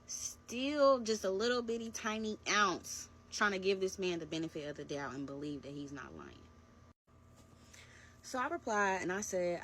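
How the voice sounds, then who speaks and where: A woman's voice: sits low, moderate pace, a little hiss or hum. A woman telling a personal story in a casual, chatty storytime vlog, talking straight to her viewers. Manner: chatty, animated, addresses viewers as y'all.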